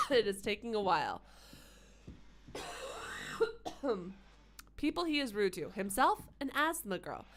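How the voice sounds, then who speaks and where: A woman's voice: medium pitch, fairly bright tone, slight background noise. Rambling, sarcastic woman streamer. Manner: rambling, sarcastic, swears freely. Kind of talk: casual gameplay commentary.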